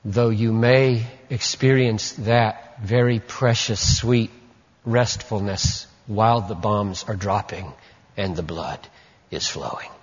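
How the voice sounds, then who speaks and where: A man preaching a sermon as pastor, with emphatic stresses that drop into hushed asides. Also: fairly low pitch, slow pace. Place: church sanctuary. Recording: muffled lo-fi recording in an echoey hall.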